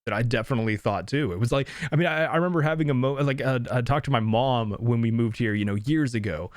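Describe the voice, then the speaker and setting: A man from the western United States co-hosting a podcast, talking through his thoughts slowly, with lots of restarts. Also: medium pitch, no room sound, studio quality. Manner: thoughtful, hesitant, many restarts and fillers. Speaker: podcast co-host. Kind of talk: casual movie review chat.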